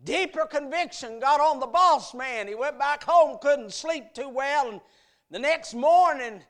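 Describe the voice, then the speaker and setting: A male preacher with a strikingly high voice delivers a sermon to a youth meeting. He tells a story with emphatic swells, then falls to quiet, near-whispered stretches. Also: a little slow.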